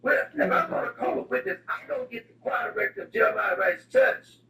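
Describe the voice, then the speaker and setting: A man's voice: very high voice, wildly swooping pitch, fairly quick, vocal fry, pushed and bright, a little hiss or hum. A man delivering a comedic, rambling rant in a digressive, mock-serious way. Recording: roomy echo, distant mic, music behind.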